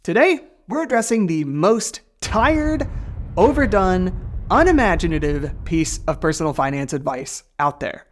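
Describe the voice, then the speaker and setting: A man's voice: high-pitched, big pitch swings, measured pace, slight background noise. A man hosting a personal finance video, delivering a scripted comedic explainer in a sarcastic, playful way with jokey asides.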